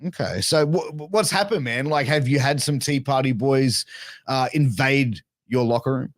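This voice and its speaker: A man's voice: mid-range voice, moderate pace. A man hosting a podcast, pressing his guest with stammering questions in casual interview style. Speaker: podcast host.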